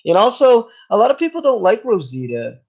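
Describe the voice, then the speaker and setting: A man giving a casual, rambling review of a TV episode in a laid-back way, swearing now and then and slowed by hiccups. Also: sits high, wildly swooping pitch, a little mellow, highs cut off. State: has hiccups. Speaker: TV show reviewer.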